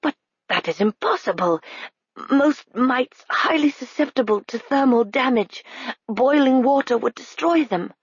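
A man's voice: extremely high pitch, lively intonation, a little slow, slightly rough, dry recording, lo-fi sound, pitched above the performer's own voice, exaggerated voice. A woman voicing a proud, formal military colonel in an audiobook, raising her voice and holding it tense. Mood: strained. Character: proud wounded military colonel, composed, stiff.

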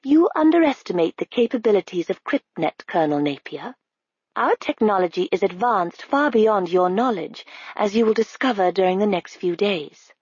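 A woman voicing a cool, stoic young woman in an audiobook, speaking precisely and raising her pitch. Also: animated, moderate pace, darkish tone, husky, no echo, muffled recording. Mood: cold. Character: cold, stoic young woman, calm avenger.

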